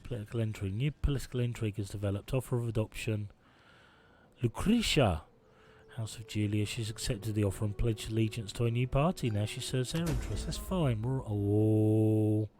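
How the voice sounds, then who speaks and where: A man's voice: fairly low pitch, brisk, warm tone. A man giving casual, jokey commentary while streaming a strategy game, talking to himself and his chat. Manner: chatty, jokey, talks to himself.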